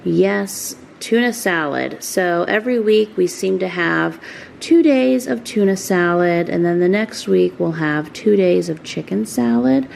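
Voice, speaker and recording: A woman with a low, gravelly voice talks through her kitchen routine in a chatty vlog. She explains each step as she works. A faint hiss sits under her voice. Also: dark tone. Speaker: vlogger, mother of a large family. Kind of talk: casual narrated home vlog.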